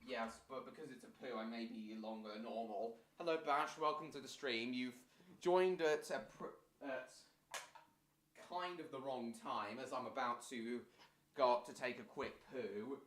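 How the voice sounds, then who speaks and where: A man's voice: mid-range voice, moderate pace, a bit bright, a little hiss or hum. A man talking casually on a live stream, answering viewers' chat messages one after another.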